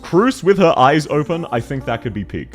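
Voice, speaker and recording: A man's voice: fairly high pitch, very animated, moderate pace, faint music behind. An Australian man streaming and chatting casually, joking and laughing often with crude banter. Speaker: game streamer. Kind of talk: casual livestream chat.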